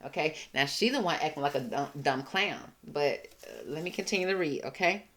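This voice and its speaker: A woman's voice: low-pitched, big pitch swings, fairly bright tone. A woman hosting a casual commentary show, reacting in a sassy, mocking way. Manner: sassy, mocking, drawn-out emphasis. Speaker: commentary channel host.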